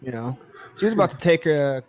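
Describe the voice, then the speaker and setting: A man's voice: on the high side, expressive, brisk, darkish tone. A man in casual crude podcast banter, making dry, joking asides.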